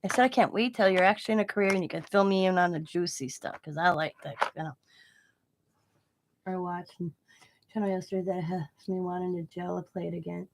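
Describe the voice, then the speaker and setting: Speaking briskly in a lowish, steady voice, an older woman from Wisconsin crafts live on her channel while rambling through family stories and laughing at her own tales. A little hiss or hum is audible.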